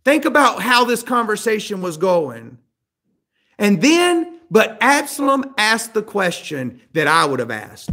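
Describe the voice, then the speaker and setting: A man preaching in a fairly high voice, throwing questions to his listeners and slipping into the voices of the people he talks about. His pitch climbs and his volume swells when he presses a point, then drops low for the grave parts. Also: sing-song, a little slow, gravelly, bright, forceful tone. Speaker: pastor. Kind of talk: sermon.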